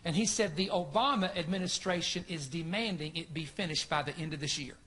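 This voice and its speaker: A man preaching a sermon, telling a story in an animated way and acting out the dialogue of the people in it. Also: on the high side, brisk. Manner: animated, acts out reported dialogue.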